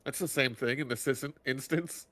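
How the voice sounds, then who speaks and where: A man playing a tabletop game, chatting casually in a jokey, expressive way and swearing freely. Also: medium pitch, normal speed. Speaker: player.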